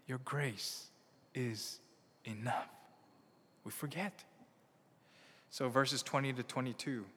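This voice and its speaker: A man preaching a sermon, swinging between loud emphatic peaks and hushed near-whispers. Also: medium pitch, fairly even intonation, slow pace, husky, in a large hall. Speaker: pastor.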